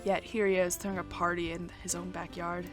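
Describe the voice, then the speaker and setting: A woman's voice: lowish voice, little pitch movement, a little fast, music in the background, pitched below the performer's own voice, close to an everyday voice. A woman reading as an aloof young loner. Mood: dry.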